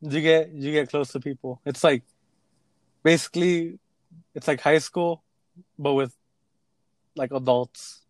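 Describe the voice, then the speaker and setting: A man's voice: a little high, a little slow, long pauses, no room sound. A young man in casual chat, telling a work story with acted-out quotes and plenty of swearing. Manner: animated storytelling, acts out quotes, swears freely.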